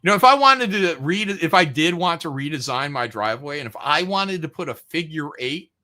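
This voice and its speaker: A man's voice: fairly high pitch, lively intonation, a little fast, sharp tone. A man ranting profanely and mockingly in a casual podcast chat, often mimicking other people. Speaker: podcast host.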